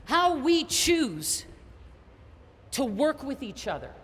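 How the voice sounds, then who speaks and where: A woman from Canada giving a high-energy motivational keynote, telling stories with lots of emphasis. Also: big pitch swings, takes it slowly, fairly bright tone. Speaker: keynote speaker. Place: large conference hall. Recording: echoey hall with faint noise.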